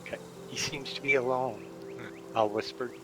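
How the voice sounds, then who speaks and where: A man playing a tabletop game, planning his moves with halting fillers. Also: mid-range voice, steady tone, bright, forceful tone, a little hiss or hum, low-quality recording. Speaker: player. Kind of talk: casual play at a tabletop game.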